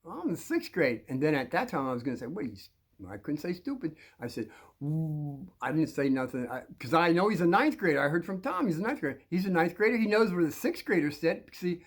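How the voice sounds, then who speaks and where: An older man telling a story in a lively, wandering way. His pitch climbs and dips all over as he gets into it, and he loops back on himself. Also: quick pace, hardly any pauses. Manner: rambling, animated, frequent restarts and laughs. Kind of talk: casual storytelling.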